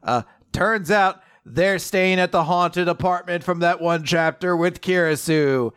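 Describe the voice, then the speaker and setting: Podcast host, male, fairly high voice, bubbly and giggly, retells plots with quick character impressions. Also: clear, resonant tone. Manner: animated, laughs often, acts out quoted lines. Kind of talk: casual chat recapping a manga chapter.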